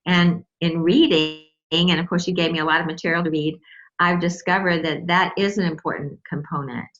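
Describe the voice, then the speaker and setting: An older woman speaking as a guest, thoughtful and gentle, with halting phrasing. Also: on the low side, fairly even intonation, dull audio. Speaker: guest, caregiver wife. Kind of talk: casual conversation.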